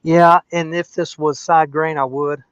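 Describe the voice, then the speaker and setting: A man's voice: a little high, level tone, a little slow, background noise. A man hosting a woodturning livestream, chatting casually and thinking aloud as he works in his workshop. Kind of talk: casual livestream chat while turning. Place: home workshop at a lathe. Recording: dull, dry, lo-fi sound.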